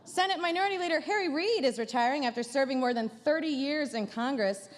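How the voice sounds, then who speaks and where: A woman's voice: sits high, lively intonation, quick pace, long reverb tail, noisy background. A woman comedian doing a stand-up roast at a banquet dinner, with a dry, sarcastic delivery and playful asides. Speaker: comedian headlining a gala dinner. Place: large banquet hall.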